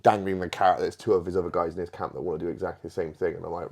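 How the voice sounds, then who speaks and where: A man's voice: low-pitched, fairly even intonation, rapid-fire, gravelly, a little mellow. A man hosting a podcast, chatting casually with a friend, laughing often and swearing freely. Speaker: podcast host.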